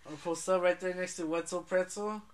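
A man's voice: high voice, steady tone, brisk. A man co-hosting a casual podcast chat, joking in profane slang. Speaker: podcast co-host.

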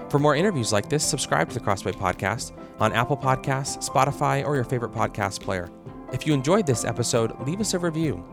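A male podcast host who asks the guest questions and then reads the show's closing announcements. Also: medium pitch. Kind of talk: interview questions and scripted outro. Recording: podcast with guitar music behind.

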